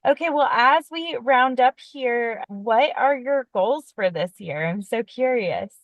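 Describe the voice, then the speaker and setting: A woman's voice: on the high side, expressive, slow pace, no echo, muffled recording. A woman co-hosting a podcast interview, giving short encouraging reactions before moving to the next question. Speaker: podcast co-host.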